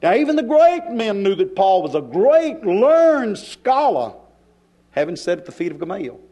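A male preacher delivering a sermon in a church, with dramatic pauses and shifts in pace. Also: sits high, very animated, dark tone.

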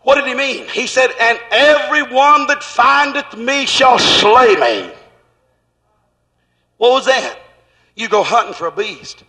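A man preaching a sermon in a fervent, rhythmic way, at times breaking into shouts. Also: very high voice, animated, measured pace, vocal fry, pauses often, big-room sound, rough recording.

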